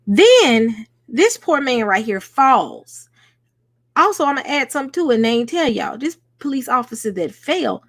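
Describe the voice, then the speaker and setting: Woman, livestream host, earnest, conversational, highish voice, dry close sound. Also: dry recording. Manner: earnest, conversational, talking straight to her chat. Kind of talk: late-night livestream commentary.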